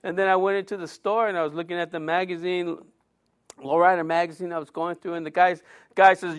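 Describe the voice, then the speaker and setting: A middle-aged man preaches in a loose, conversational way, firing off rhetorical questions and slipping in jokes. His voice sits noticeably high for a man. The talk has the easy flow of a pastor speaking to his own congregation. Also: level tone, brisk, clear, resonant tone. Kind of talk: sermon.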